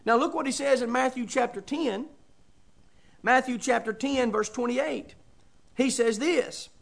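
A man's voice: extremely high pitch, a little slow, vocal fry, a bit bright. A middle-aged man preaching a sermon, folksy and emphatic with chuckles and asides.

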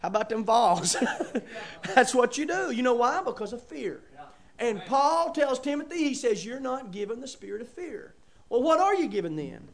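A man's voice: very high-pitched, expressive, normal speed, vocal fry. A middle-aged man preaching a sermon, folksy and emphatic with chuckles and asides.

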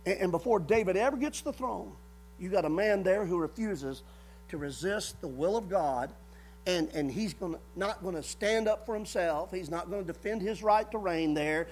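A man's voice: high voice, normal speed, a little mellow, slight background noise. A man preaching a sermon in a folksy way, repeating words and briefly acting out the people he quotes.

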